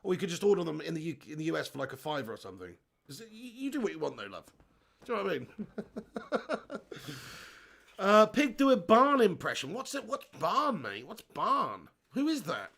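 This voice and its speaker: A man's voice: high voice, sing-song, moderate pace, creaky, fairly bright tone, husky. A man hosting a live football watch-along, joking, swearing and reading chat aloud. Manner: jokey, swears, laughs often, reads chat aloud. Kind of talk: casual live match commentary and chat.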